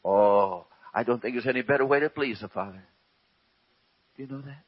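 A man preaching a sermon slowly and emphatically. He asks rhetorical questions and often drops to a hush. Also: medium pitch, husky. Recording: dull lo-fi recording.

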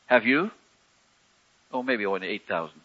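A man preaching a sermon in a folksy, conversational way, with wry humor and sharp swings between loud and soft. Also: on the low side, lively intonation, normal speed, highs cut off.

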